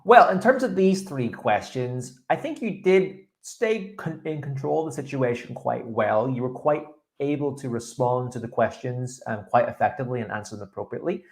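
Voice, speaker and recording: A young man, an English speaking teacher, giving encouraging feedback after a mock test and modelling the right pronunciation. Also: medium pitch.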